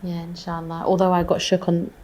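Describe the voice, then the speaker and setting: A young woman tells stories in a casual podcast chat, quick and full of slang. Her voice is mellow and fairly low, with a relaxed, dark tone. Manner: animated storyteller, slangy and quick. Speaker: podcast co-host. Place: calling in from abroad.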